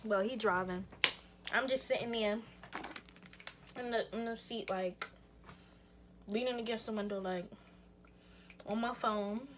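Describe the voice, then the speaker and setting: A young woman vlogger tells a rambling, slangy story during a casual storytime while getting ready, full of "like" and restarts. Her voice is a little high and unhurried, she pauses often, and there's background noise.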